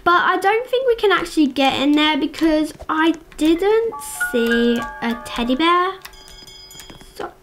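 A woman hosting a gaming channel, chatting excitably to viewers through gameplay commentary. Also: high voice, a little slow, over music.

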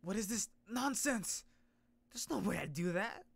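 A man reading a comic aloud and voicing a furious young hero who has been framed, shouting indignantly. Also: high-pitched, wildly swooping pitch, moderate pace, gravelly, pitched above the performer's own voice, exaggerated voice.

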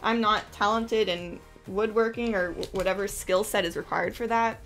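A woman's voice: mid-range voice, fairly even intonation, moderate pace, a bit bright, faint music behind. A young woman with an American accent, chatting casually and gushing with lots of fillers while hosting a LEGO build livestream.

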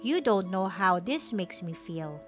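A woman voicing a possessive little male dinosaur in a storybook, with a squealing, excited voice. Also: medium pitch, a little slow, over music, lightly acted.

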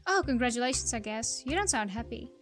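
A woman's voice: a little high, expressive, fast talker, fairly bright tone, soft background music. A woman reading a weary male police officer. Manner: read-aloud dialogue, plain.

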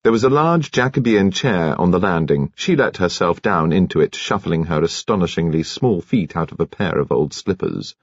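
A man reads a mystery novel aloud in a measured, expressive way. His voice is low and husky, with lively intonation, and the recording is dry and a little muffled. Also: dry recording. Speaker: audiobook narrator. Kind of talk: scripted narration of a mystery novel.

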